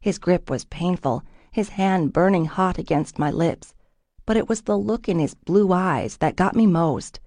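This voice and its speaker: Woman reading an audiobook, low mellow voice, steady expressive, close dry studio mic. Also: measured pace, no room sound. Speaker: audiobook narrator. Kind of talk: scripted first-person narration.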